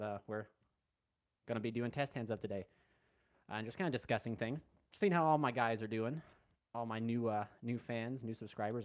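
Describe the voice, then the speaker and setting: A man hosting a casual live stream, greeting chat viewers by name and rambling in a relaxed way from a room at home. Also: fairly low pitch. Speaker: livestream host. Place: room at home with window open.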